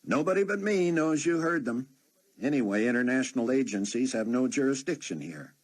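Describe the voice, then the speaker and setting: A man's voice: mid-range voice, animated, a little fast, pitched above the performer's own voice, natural voice. A man voicing a teasing, blunt male friend in a raised voice.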